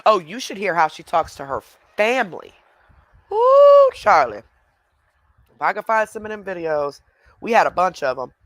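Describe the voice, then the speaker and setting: A man's voice: sits high, very animated, moderate pace, fairly bright tone, no echo. A man hosting a reaction video, chatting casually and talking straight to his viewers. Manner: chatty, addresses viewers directly.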